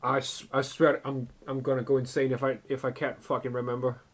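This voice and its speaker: A young man giving casual, excitable commentary while playing a game, swearing a lot and calling the viewer "bro". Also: medium pitch, fairly quick. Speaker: gaming video creator.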